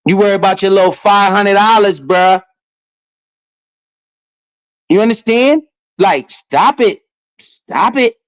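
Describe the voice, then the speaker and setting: Animated, heckling man with dry sound. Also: high voice, takes it slowly, long pauses, no echo. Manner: animated, heckling, swears and laughs often. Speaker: finance streamer. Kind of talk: casual commentary over a played clip.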